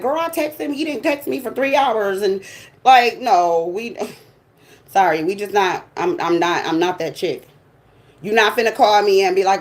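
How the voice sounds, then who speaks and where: A woman's voice: mid-range voice, normal speed. A woman hosting her tarot channel, giving a blunt, sassy, profane monologue in casual talk.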